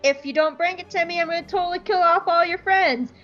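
A woman's voice: extremely high pitch, brisk, soft background music, voice pushed up. A woman voicing a smug male villain who makes his threats in a flippant, casually mocking way. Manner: flippant, valley-girl casual menace. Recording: slightly muffled lo-fi recording.

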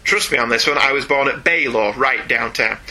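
A man's voice: mid-range voice, normal speed, pushed and bright, poor audio. A man co-hosting a casual chat show, reading listener mail aloud with a playful, laughing manner. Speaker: podcast co-host reading listener email.

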